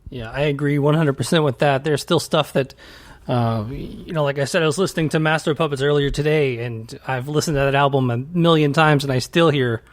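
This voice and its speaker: A man's voice: on the high side, brisk. Man hosting a casual rock podcast. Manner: conversational, many "you know" fillers, enthusiastic fan. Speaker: podcast host. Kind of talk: casual interview.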